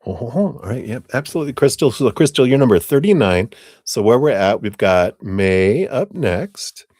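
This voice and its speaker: A man's voice: medium pitch, animated, moderate pace, darkish tone, dry recording, clean studio sound. A man hosting a live tarot reading, chatting casually in a rambling way, with lots of "you know" fillers and chuckles.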